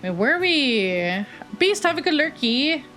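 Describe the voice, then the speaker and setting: Lively, animated woman game streamer. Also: high-pitched, measured pace, soft background music. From Texas. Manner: animated, swears freely, exclaims at the game. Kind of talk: casual gaming livestream chat.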